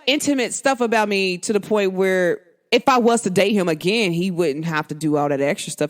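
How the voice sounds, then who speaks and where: A woman hosting a podcast, talking frankly to her listeners in casual slang and acting out bits of remembered dialogue. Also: fairly low pitch. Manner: expressive, frank, slangy, acts out quoted dialogue. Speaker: podcast host. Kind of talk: candid monologue to listeners.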